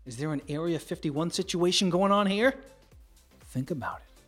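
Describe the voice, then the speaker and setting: A middle-aged man from the United States delivers an observational stand-up monologue. He jumps into higher voices to play the people in his stories. Faint music sits under him. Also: normal speed. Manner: animated, acts out characters with big pitch jumps. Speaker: stand-up comedian.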